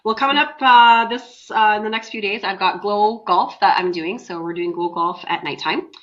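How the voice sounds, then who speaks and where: A middle-aged woman co-hosting a casual chat podcast, telling chatty, animated stories while sick with a cold. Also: medium pitch, moderate pace. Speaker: podcast co-host, mother. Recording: dull lo-fi sound.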